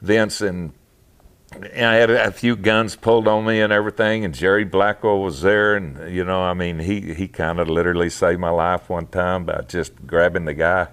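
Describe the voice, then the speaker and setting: A man, a former wrestler, telling stories in a casual interview, halting and full of fillers, laughing often. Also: deep voice, steady tone, a bit bright, clean tone. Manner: rambling, halting, with many fillers and restarts.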